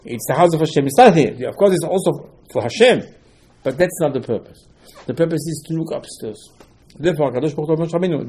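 Man, Torah lecture, animated storytelling, rhetorical questions, husky, mellow. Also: a little high, fast talker. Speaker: rabbi.

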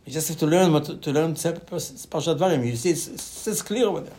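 Guy teaching torah, kinda high voice, gets worked up, repeats himself a lot, english not his first. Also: quick pace. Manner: animated, repeats words, leaps in pitch. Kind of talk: Torah class.

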